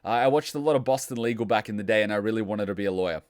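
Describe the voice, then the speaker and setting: A man's voice: fairly low pitch, very fast, heavy background noise. A young man giving casual, chatty, self-deprecating commentary while playing a game. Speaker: let's play gamer.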